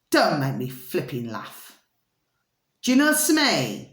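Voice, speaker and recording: Woman vlogger, lively up-and-down delivery, emphatic, checks in with her listeners, roomy recording. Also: low voice, measured pace. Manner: emphatic, keeps asking "do you see?". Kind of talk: casual commentary to camera. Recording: roomy echo.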